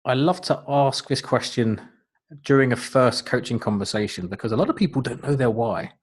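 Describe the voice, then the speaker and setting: A man's voice: mid-range voice, moderate pace, husky. A middle-aged man, a life coach, giving an earnest, encouraging webinar talk with frequent fillers. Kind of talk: webinar presentation.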